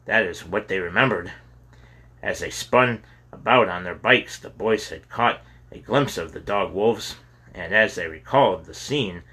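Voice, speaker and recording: A male storyteller reads a children's adventure aloud in a low-set, husky voice with a bright, forceful edge. His delivery is steady, with a few stumbles over words. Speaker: audiobook narrator.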